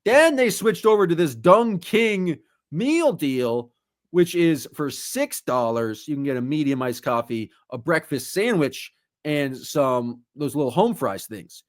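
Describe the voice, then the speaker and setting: An animated man co-hosts a podcast, tossing off comic rants in relaxed conversation at a slightly slow pace. His voice runs a bit high for a man and stays lively from joke to joke.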